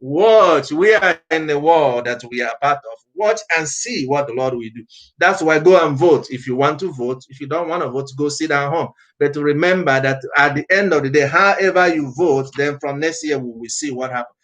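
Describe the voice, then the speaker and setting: Brief: male prophet with an accent, fervent sermon, raised pitch, rushing delivery. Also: fairly bright tone. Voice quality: non-native-sounding accent, unnamed. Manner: fervent, exhorting, speaks fast by own account. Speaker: prophet preaching. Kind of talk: impassioned sermon.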